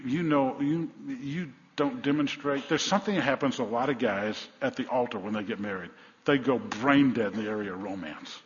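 A man in his sixties, a pastor preaching a sermon in a church, blunt and folksy, swinging between loud exhortations and quiet asides. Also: mid-range voice. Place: church sanctuary. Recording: echoey hall, slightly dull sound.

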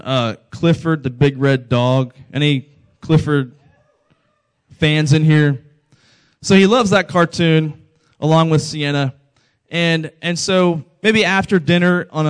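A man in his thirties preaching a sermon to a congregation, conversational and telling stories with quoted dialogue. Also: on the high side. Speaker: pastor.

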